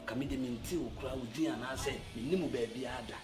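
An actor with a Ghanaian accent playing a lively man who talks with exclamations in Twi. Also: medium pitch, rapid-fire, over music, close to an everyday voice. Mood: solemn. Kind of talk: film drama acting.

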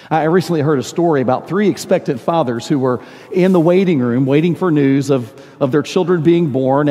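An older man preaching a sermon as pastor, telling stories in a warm, halting way and repeating words as he searches for them. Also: mid-range voice. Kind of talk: sermon with storytelling. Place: large church sanctuary. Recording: long church reverb.

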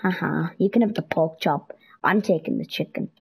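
A young woman giving casual, excitable commentary while playing a video game, pleading with and scolding game characters. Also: on the low side, normal speed, creaky, slightly rough, rough recording. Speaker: gameplay streamer. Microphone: headset or console mic.

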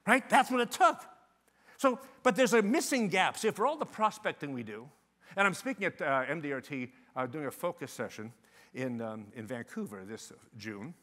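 A man in his sixties giving a lively sales talk to a conference audience, acting out quoted phone calls with a lot of back-and-forth. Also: high-pitched. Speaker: conference speaker. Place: conference hall stage.

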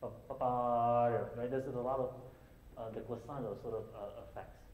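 A man teaching a piano master class, singing rhythms aloud and talking in halting bursts with restarts. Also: mid-range voice, fairly even intonation, narrow, tinny audio, slight background noise. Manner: sings rhythms aloud to demonstrate; halting, many restarts and fillers. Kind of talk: coaching a student at the piano. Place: concert hall with piano. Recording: roomy hall sound with loud piano. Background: piano playing.

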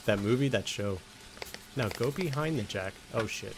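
A man's voice: on the low side, lively intonation, normal speed, background noise. A man casually commenting while playing a video game, joking with the characters and answering chat. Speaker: game streamer. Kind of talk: casual let's-play commentary.

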